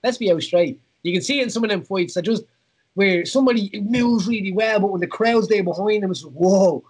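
An Irish man, a former fighter who now hosts a podcast, chats casually in a high, husky voice at a fairly quick pace. He rambles with lots of fillers and laughs often.

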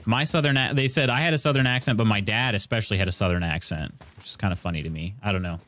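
A man's voice: on the low side, rapid-fire, fairly bright tone. A man from central Illinois giving casual live commentary while streaming a game, thinking aloud and greeting his chat. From central Illinois, USA.

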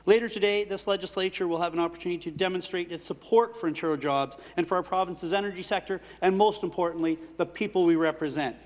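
A man answering as a minister in a legislature, delivering a rapid, formal prepared speech. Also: high-pitched. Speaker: associate minister of energy. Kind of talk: parliamentary answer. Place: legislative chamber. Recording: reverberant legislative chamber.

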